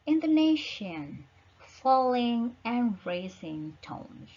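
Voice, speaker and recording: A woman teaching an online lecture, slowly searching for words with frequent fillers. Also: lowish voice, big pitch swings, darkish tone, husky, dull audio.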